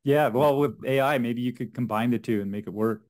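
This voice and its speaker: A man's voice: mid-range voice, a little fast, a little mellow. A man hosting a casual interview, who laughs often and keeps the guest going with short replies. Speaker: podcast host.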